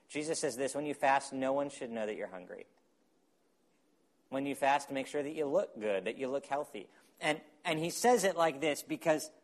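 A male pastor preaches a sermon in a mid-range voice, animated as he acts out quotes and drops into quiet asides.

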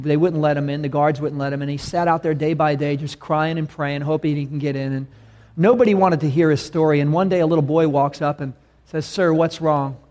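A man's voice: on the high side, a little mellow. A male preacher delivering a sermon in a conversational, emphatic way, often asking his listeners questions.

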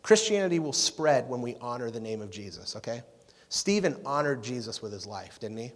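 A man preaching to a youth group, energetic and jokey, chatting with the crowd. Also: mid-range voice, fairly quick. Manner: energetic, jokey, talks with the audience. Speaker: youth pastor. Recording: long reverb of a hall.

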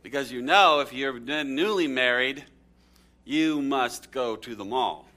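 Male pastor, sermon delivery, bright tone, dramatic storyteller. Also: unhurried. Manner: storytelling with dramatic swings in pitch and volume.

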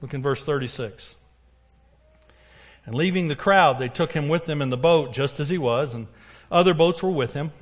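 A man's voice: fairly high pitch, normal speed, long pauses. A man preaching a sermon. He keeps putting questions to the congregation and answering them himself. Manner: animated, asks the congregation questions.

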